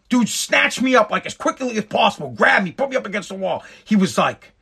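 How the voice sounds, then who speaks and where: A man's voice: high-pitched, very animated, brisk, gravelly, fairly bright tone, husky. A man telling an exasperated, profane stand-up story. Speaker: stand-up comedian.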